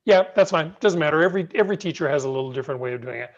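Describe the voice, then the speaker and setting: A middle-aged man teaching piano in an online masterclass, gentle, patient and encouraging, heard over a video call. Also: fairly high pitch, expressive, very fast. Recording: muffled video call audio.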